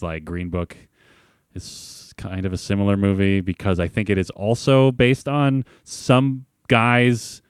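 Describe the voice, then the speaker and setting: A man's voice: fairly low pitch, steady tone, unhurried, clear, resonant tone, dry recording, clean studio sound. A man in his thirties co-hosting a podcast in casual chat, hedging a lot and filling his talk with "like". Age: 30s. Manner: hedging, full of "like" fillers. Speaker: podcast co-host.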